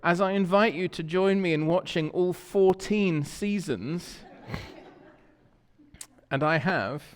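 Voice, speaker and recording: A pastor from England preaches a sermon slowly in a church sanctuary, his somewhat high voice carrying a long echo. He tells stories in a chatty, conversational way and asks the congregation questions.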